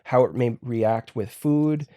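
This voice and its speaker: A man's voice: medium pitch, mellow, no echo, studio quality. A man, a podcast guest, telling stories casually, stopping and restarting often. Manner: halting, full of restarts and fillers. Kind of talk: casual storytelling.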